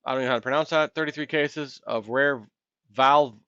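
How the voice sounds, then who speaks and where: A man's voice: mid-range voice, fairly even intonation, brisk, a bit bright, smooth, dry recording, lo-fi sound. A man hosting a solo commentary video, ranting in a heated, impassioned way and acting out imagined callers.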